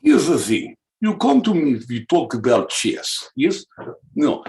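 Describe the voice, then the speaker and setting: Man doing a Russian guy, Russian accent, broken English, self-assured, lively pitch. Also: a little slow, creaky, exaggerated voice, poor audio. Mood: boastful. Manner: broken grammar, confiding, rhetorical questions.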